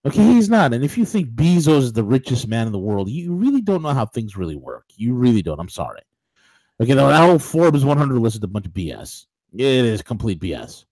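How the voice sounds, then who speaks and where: A man's voice: mid-range voice, very animated, brisk, a little mellow, dry recording, low-quality recording. A man co-hosting a political talk show, ranting emphatically with rhetorical questions and frequent restarts. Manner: many restarts and fillers. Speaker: show co-host.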